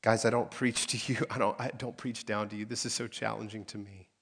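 A man preaching a sermon as pastor, conversational and direct with his congregation, swinging from emphatic peaks to quiet asides. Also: fairly low pitch, flat delivery, a little fast, vocal fry, husky.

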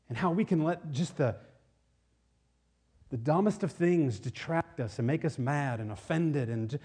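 A man preaching a sermon with a fairly high voice. He tells a personal story in an animated way, often restarting his sentences as he goes. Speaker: pastor.

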